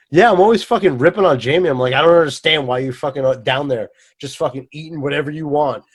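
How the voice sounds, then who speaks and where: Male co-host, slightly high voice, profane and rambling. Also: fairly quick, slightly rough. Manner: rambling, profane, self-deprecating. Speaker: podcast co-host. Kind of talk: casual chat.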